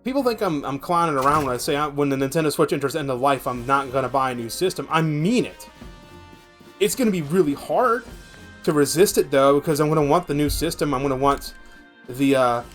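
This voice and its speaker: Male streamer, 20s, raised pitch, foul-mouthed rambling rants, faint background music. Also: animated, brisk, fairly bright tone. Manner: profane rambling rant. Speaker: VTuber streamer. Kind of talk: casual game stream chat.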